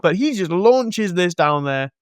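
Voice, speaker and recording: A man hosting a casual film review podcast, sweary and animated, often laughing and acting out lines. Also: sits high, a little slow, clean tone, no echo, clean studio sound. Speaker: podcast host.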